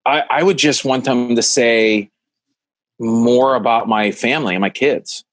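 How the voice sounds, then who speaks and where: A man, a stand-up comedian guest, chatting in an animated, rambling way with lots of restarts. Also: medium pitch, a little slow, dry recording. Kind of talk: casual podcast chat.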